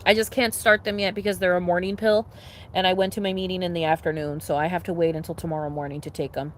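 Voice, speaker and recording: A young woman chatting casually on a livestream, rambling with lots of fillers and restarts, swearing freely and getting excitable. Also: lowish voice, fast talker, a little hiss or hum. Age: young adult. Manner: animated, laughing and excitable. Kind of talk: casual chat to a live audience.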